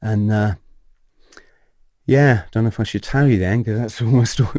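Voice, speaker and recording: A man, a podcast guest telling his personal story in an animated way, swearing and acting out scenes. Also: on the low side, moderate pace, no echo, clean studio sound.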